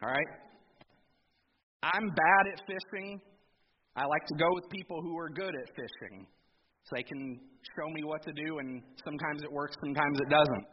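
A man's voice: a little high, moderate pace, pauses often, husky. A male pastor preaching a conversational sermon, asking the congregation rhetorical questions. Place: church hall. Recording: reverberant hall, dull lo-fi sound with background noise.

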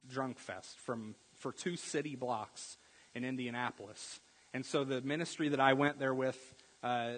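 A man preaching a sermon in a conversational storytelling way, often checking in with the congregation with a quick "right?". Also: medium pitch, fairly bright tone, husky, in a large hall, rough recording. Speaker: pastor.

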